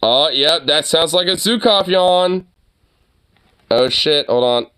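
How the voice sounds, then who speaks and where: A man's voice: on the high side, slow pace, sharp tone, smooth. A young man chatting casually to the camera and his dog, loose and profane, laughing often and full of fillers. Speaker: dog owner vlogger.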